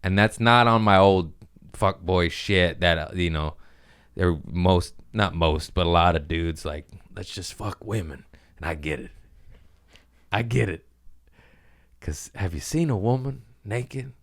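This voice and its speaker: A man's voice: deep voice, a little slow, pauses often, a bit bright, smooth. A young man hosting his own podcast, rambling in crude, self-mocking casual chat. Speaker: podcast host.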